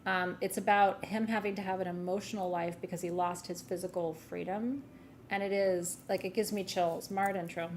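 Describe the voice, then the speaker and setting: A woman hosts a live sale stream in a loose, gushing way and swears now and then. Her voice sits a little low and has a gravelly fry to it. A faint hiss of noise runs underneath. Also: steady tone, normal speed. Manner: gushing, chatty, swears, laughs easily. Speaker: host of a live gem sale. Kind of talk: casual live-stream chat.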